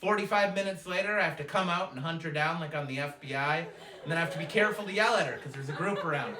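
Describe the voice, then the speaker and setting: A man performing a stand-up routine, telling family stories in a quick, animated way. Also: on the high side, a crowd in the background. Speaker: comedian. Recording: echoey room, distant mic, noisy.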